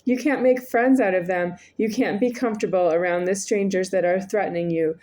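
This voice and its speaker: A woman's voice: mid-range voice, steady tone, brisk, darkish tone. A woman in her forties speaking in a rambling, repetitive monologue to the camera, with frequent hesitations. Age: 40s. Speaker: vlogger.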